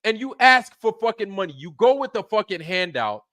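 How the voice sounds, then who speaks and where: A man's voice: sits high, big pitch swings, brisk, fairly bright tone, dry recording. Heated, profane man ranting. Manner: heated, profane, repeats himself. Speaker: channel host. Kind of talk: angry livestream rant.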